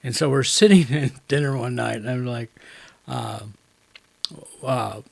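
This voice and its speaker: Co-host, male, gravelly mid-pitched voice, casual chat, laughing storyteller. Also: unhurried, darkish tone. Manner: rambling storyteller, laughs often. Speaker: podcast co-host.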